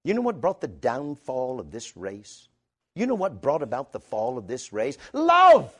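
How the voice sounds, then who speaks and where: A man preaching a sermon to a congregation in a church, emphatic, moving from quiet reflection to loud declarations. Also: medium pitch, big pitch swings, normal speed, slightly rough.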